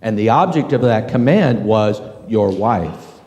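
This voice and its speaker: A middle-aged man giving a slow, halting, earnest personal testimony to a men's group. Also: lowish voice, expressive, dark tone. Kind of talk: reflective personal testimony talk. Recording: long hall reverb.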